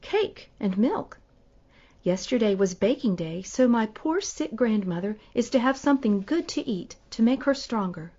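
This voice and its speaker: A woman voicing an innocent, cheerful young girl in a storybook, speaking slowly and earnestly. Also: a little high, lively intonation, mellow, dull audio.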